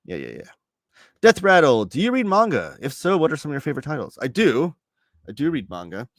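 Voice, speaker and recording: A man in his thirties hosting a live stream from home, chatting casually and reading out viewer comments in a relaxed, rambling way. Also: fairly high pitch, brisk, dry recording, clean studio sound. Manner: relaxed, rambling, reads chat messages aloud. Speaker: host. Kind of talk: casual livestream chat.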